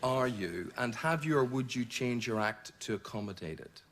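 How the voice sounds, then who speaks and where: A man in a studio audience politely putting a measured question to the host. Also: medium pitch, lively intonation, fairly bright tone. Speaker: audience member asking a question.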